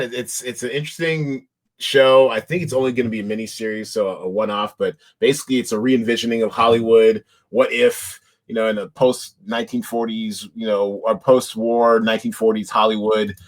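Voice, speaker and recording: A man hosting a podcast, chatting casually about TV shows in a rambling way, with lots of restarts and fillers. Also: medium pitch. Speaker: podcast host. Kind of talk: casual chat.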